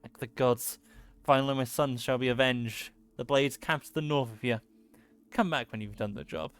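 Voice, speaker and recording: A man reads a grieving town leader from a video game who wants revenge for his son. He sounds bitter and hard, close to the reader's own middle-pitched voice. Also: steady tone, normal speed, smooth, natural voice.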